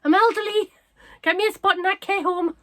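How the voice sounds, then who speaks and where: A woman's voice: steady tone, a little fast, sharp tone. A woman voicing her nine-year-old female dog as a melodramatic, worn-out elderly lady. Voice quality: high and melodramatic.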